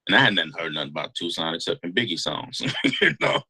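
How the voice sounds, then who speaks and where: A man telling a long story in a casual interview, animated and slangy. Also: low voice, fast talker, slightly rough, rough recording. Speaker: guest storyteller.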